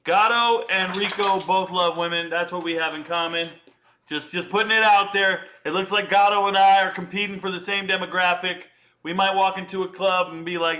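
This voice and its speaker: Bright-voiced boastful male streamer. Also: sits high, fairly even intonation, moderate pace. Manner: boastful, joking, slangy. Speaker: livestream host. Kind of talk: casual livestream chat.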